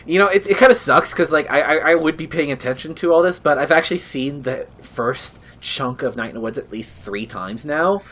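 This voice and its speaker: A man's voice: a little high, a little fast, few pauses, fairly bright tone. A man casually chatting and joking while watching a game being played, swearing freely, laughing often and trailing off into fillers. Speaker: co-commentator on a game playthrough. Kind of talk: casual gaming banter.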